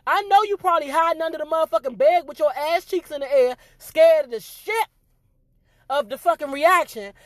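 Loud, profane woman ranting to camera. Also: sits high, a little fast, no echo, studio quality. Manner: loud, animated, cussing freely. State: voice giving out. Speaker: vlog host. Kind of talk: profane rant to viewers.

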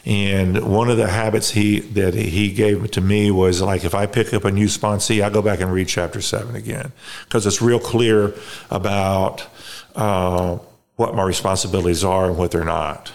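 A middle-aged man telling his recovery story as a podcast guest, halting and reflective, with many restarts. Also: lowish voice, steady tone, vocal fry, darkish tone. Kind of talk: casual conversation.

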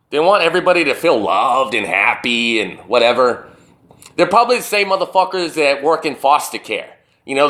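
A man ranting alone in a profane, animated way, firing off rhetorical questions as a show host. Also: a little high. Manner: burping. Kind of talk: profane solo rant.

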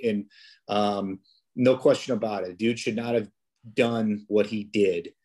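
Husky-voiced man telling a story. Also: lowish voice, fairly even intonation, measured pace, a little mellow. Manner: rambling, many restarts and fillers. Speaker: podcast guest, police officer. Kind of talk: casual interview storytelling.

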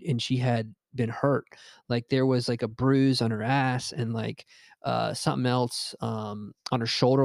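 A young man with a gravelly texture in his voice tells a personal story at an even, middle pitch. He rambles, restarts and swears freely, speaking into a dry, close microphone. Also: no room sound. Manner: rambling, profane, with many fillers and restarts. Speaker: podcast host. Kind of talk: casual storytelling chat.

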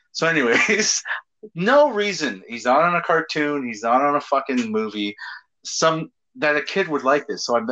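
Here a male podcast co-host has a mid-range voice with a sharp tone, heard through dull lo-fi audio. It's a casual chat full of storytelling, and he's animated, laughing, swearing and acting out what people said.

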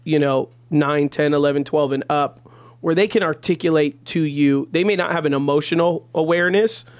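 A male pastor talking through stories on a podcast, earnest and loose, his words sprinkled with "you know". His voice sits a little higher than most men's. The sound is close and dry, with no room around it. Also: normal speed, no echo. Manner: earnest storytelling, heavy on "you know" fillers. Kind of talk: casual podcast conversation.

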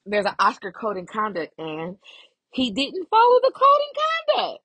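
Animated, cussing woman podcast host. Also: medium pitch, moderate pace, husky, no room sound. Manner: animated, profane, laughing often. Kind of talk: casual gossip commentary.

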